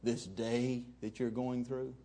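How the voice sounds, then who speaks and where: A man's voice: medium pitch, little pitch movement, takes it slowly, mellow. A middle-aged man, preaching a sermon in a folksy, storytelling way. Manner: folksy, chuckling, conversational. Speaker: pastor.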